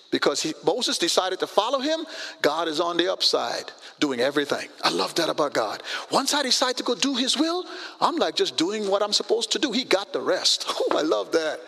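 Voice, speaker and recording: Animated older man preaching in a hall. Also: creaky, slightly rough. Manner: animated preaching with acted-out dialogue and sudden pitch jumps. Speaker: pastor. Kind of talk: sermon.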